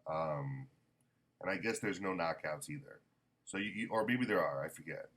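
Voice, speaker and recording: A man's voice: low-pitched, expressive, normal speed, fairly bright tone. A man casually reviewing a manga volume, rambling with many ums and self-corrections.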